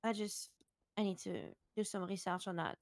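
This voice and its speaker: A woman with a rough morning voice, playing a doctor in roleplay and talking in halting, apologetic bursts with many restarts. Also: medium pitch, fairly even intonation, no echo. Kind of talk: in-character roleplay chat.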